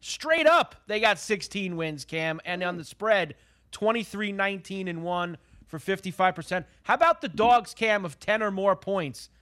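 A man's voice: high voice, moderate pace. A man co-hosting a sports betting show, chatting casually and getting worked up about the games. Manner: excitable, talks up the betting angle, frequent "uh".

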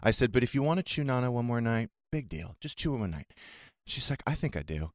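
A man co-hosting a radio talk show, chatting casually and telling animated stories with quoted dialogue. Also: medium pitch, brisk, no echo, studio quality. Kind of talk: casual chat.

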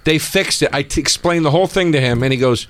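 A man telling a frustrated story in casual podcast chat, profane and animated, raising his voice as he relives the argument. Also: a little high, fast talker, dry recording. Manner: animated, profane, rising to shouts when reliving anger.

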